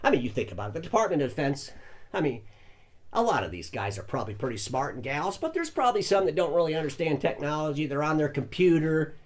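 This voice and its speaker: An older man delivers a satirical news monologue with folksy, mock-earnest asides. His voice sits a little high for a man and swings widely up and down as he talks. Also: sing-song, quick pace.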